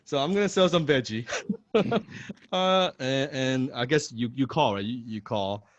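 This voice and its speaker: A sales coach talking on a video call, chatty and self-correcting as he explains his method. His voice is of middle pitch and sounds dry. The call audio is a little muffled. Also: normal speed, no echo. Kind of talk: sales training role-play.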